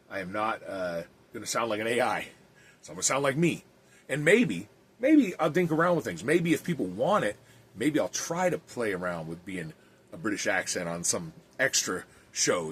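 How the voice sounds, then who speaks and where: A man who is an evangelist hosts his own podcast, speaking in a husky voice with a lively pitch that rises and falls freely. His delivery is earnest and plain-spoken, and he restarts his sentences now and then. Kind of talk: podcast monologue and reading aloud.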